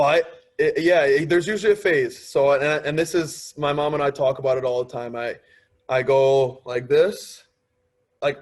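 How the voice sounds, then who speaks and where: A man in his twenties, a guest on a podcast, chatting casually and telling stories, often acting out what others said to him. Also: mid-range voice. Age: 20s. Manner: storytelling, quoting others in lively asides. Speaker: podcast guest, pro hockey player. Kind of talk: casual interview chat.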